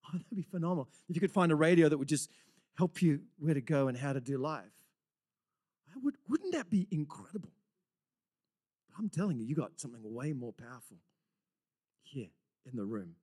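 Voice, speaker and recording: A man's voice: mid-range voice, moderate pace, long pauses. Male pastor, passionate sermon delivery, dips into whispers for effect. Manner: dramatic swings from loud exclamations to hushed whispers; earnest, excitable preaching with frequent repeated words.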